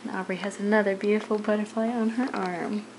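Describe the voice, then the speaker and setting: A woman's voice: medium pitch, fairly even intonation, brisk, a little mellow, slight background noise. A woman filming her young children at home on a handheld camera, cooing and teasing them in a casual family vlog. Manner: playful, cooing and teasing talk to young kids.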